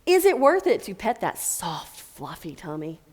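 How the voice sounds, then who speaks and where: A woman's voice: fairly low pitch, huge pitch swings, unhurried, a little mellow, slightly rough. A woman speaking at a tech conference as a tester and manager, chatty and playful with jokey asides. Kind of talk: conference talk. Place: conference room.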